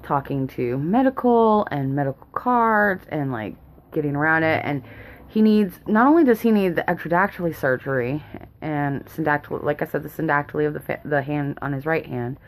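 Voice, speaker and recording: Rambling low-voiced nervous mom. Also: female voice, lively intonation, normal speed. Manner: rambling, nervous, laughs often. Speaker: vlogger, mother. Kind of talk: casual rambling chat. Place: home, indoors.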